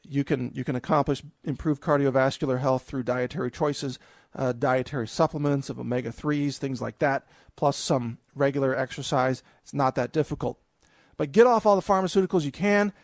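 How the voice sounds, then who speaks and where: A man's voice: medium pitch, moderate pace, darkish tone, no echo, studio quality. A man giving a recorded audio seminar in a chatty, emphatic way, chuckling and restarting often. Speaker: podcast host.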